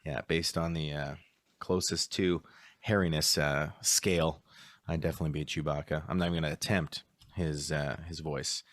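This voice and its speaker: Low-voiced guy hosting a podcast, laid back and kinda rambly, dry close sound. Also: flat delivery, normal speed, fairly bright tone, dry recording. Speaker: podcast host. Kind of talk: casual podcast chat.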